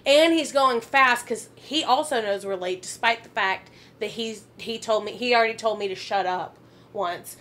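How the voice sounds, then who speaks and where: A woman hosting a podcast, telling a story in a casual, animated way, laughing and swearing often. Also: a little high, moderate pace, a little hiss or hum. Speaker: podcast host.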